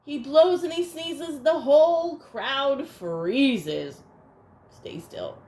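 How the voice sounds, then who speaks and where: A woman reading a picture book aloud to children, expressive and playful, adding little asides for young listeners. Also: high voice, drawn-out words, rough recording. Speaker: storyteller.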